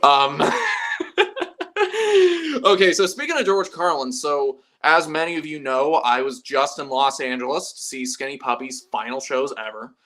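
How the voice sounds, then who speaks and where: Young guy rambling on his stream, bright edgy voice, swears a lot, laughs at himself. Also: mid-range voice, normal speed. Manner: chatty, profane, self-mocking, laughs often. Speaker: livestream host. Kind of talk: casual livestream chat.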